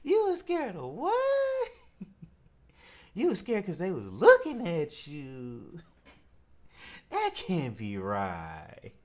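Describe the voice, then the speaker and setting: A man hosting a comedic commentary show, mocking and laughing often, in a slang-heavy voice that jumps around in pitch. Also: huge pitch swings, slow.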